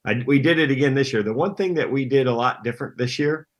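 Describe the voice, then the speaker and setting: A middle-aged man, talking as a podcast guest in a relaxed, plain-spoken way. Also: mid-range voice, fast talker. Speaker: guest, pro angler. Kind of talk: casual interview chat.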